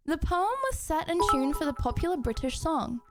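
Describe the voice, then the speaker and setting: A woman's voice: high-pitched, normal speed, over loud music. A young woman livestreaming from home, chatting casually while reading chat messages, giggling and cutting herself off mid-sentence. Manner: chatty, giggly, self-interrupting.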